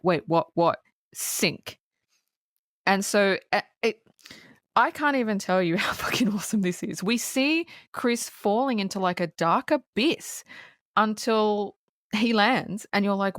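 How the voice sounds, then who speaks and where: A woman co-hosting a podcast, excitedly retelling a film in casual chat, swearing and saying "like" a lot. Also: mid-range voice, dry recording, clean studio sound. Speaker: podcast co-host. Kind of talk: casual movie recap.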